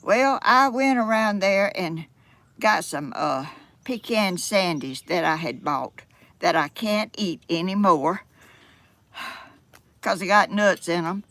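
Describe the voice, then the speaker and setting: At home by her yard, an older vlogger from Georgia chats to the camera in a Southern accent, her folksy talk rambling and full of exclamations. Her mid-range voice is a bit bright and slow-paced, and the recording is dry.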